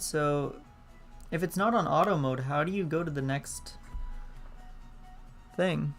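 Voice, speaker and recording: A man hosting a live gameplay stream, chatty and excitable as he greets viewers. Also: on the high side, takes it slowly, long pauses. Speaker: gaming streamer. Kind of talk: live let's-play commentary. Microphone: laptop setup. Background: faint game music.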